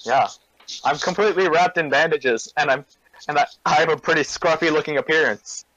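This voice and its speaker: A man's voice: on the high side, fairly quick, pushed and bright, no echo, highs cut off. A man playing in a tabletop game, talking casually and hesitantly, often restarting his sentences. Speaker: player. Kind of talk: casual tabletop role-play chat.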